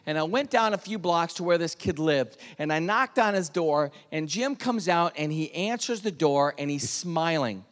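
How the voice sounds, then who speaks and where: A man giving an earnest personal testimony, dropping to a hush at the tense moments. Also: a little high, big-room sound. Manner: earnest storytelling, drops to hushed tones at tense moments. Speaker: speaker telling his testimony.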